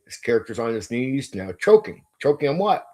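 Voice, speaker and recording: Brisk and very animated, a man with a medium-pitched, slightly mellow voice holds forth on his channel about how he runs tabletop games as game master. The monologue is blunt and emphatic, heavy on swearing and casual "like, dude" fillers.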